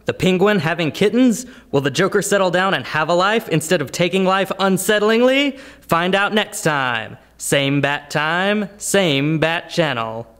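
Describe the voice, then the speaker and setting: A man's voice: sits high, animated, a little slow, a bit bright, clear, resonant tone. A man giving a dramatic, retro-style cliffhanger narration as an announcer, teasing the next episode.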